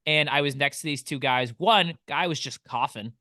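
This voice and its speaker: A man co-hosting a film podcast, telling stories in an animated way and swearing freely. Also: on the high side, normal speed, dry recording, studio quality. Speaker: podcast co-host. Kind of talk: casual film podcast chat.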